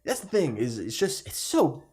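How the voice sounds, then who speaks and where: A man's voice: a little high, very animated, normal speed, a little mellow, breathy edge. A young man co-hosting a podcast, chatting in an enthusiastic, slangy way and calling people "dude" and "man.". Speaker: podcast co-host. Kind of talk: casual chat.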